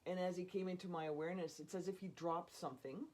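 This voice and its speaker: Animated woman telling a story, low voice. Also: fast talker. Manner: animated, laughs often, acts out voices. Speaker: storyteller guest. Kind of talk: casual personal storytelling.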